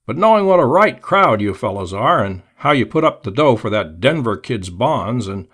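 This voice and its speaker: A man's voice: medium pitch, big pitch swings, moderate pace, fairly bright tone, husky, heavily acted. A man voicing a haggard, cringing opium-joint keeper who talks in a hesitant, wheedling way.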